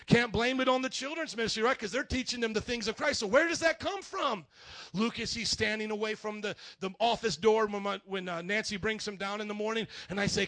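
A male pastor delivers a sermon in church, animated and joking as he speaks straight to his congregation. His voice sits very high for a man and rings bright. The sound is dry and close. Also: fairly quick, no echo.

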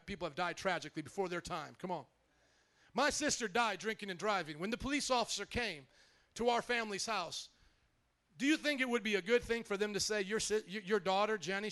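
A man preaching from the pulpit in a strikingly high voice. He drives his points hard, rising to shouts as he presses the congregation. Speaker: pastor. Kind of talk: sermon.

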